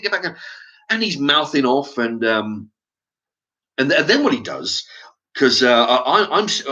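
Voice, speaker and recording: A man's voice: medium pitch, bright, forceful tone, dull audio. A man telling a story in a casual vlog monologue, swearing freely and often restarting his sentences, checking in with "right?". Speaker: vlogger.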